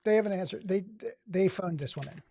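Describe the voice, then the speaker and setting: A man's voice: high voice, brisk, gravelly, dark tone, breathy edge. A man streaming, reading text aloud and riffing on it with sarcastic asides in casual livestream commentary. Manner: sarcastic, reads aloud and riffs.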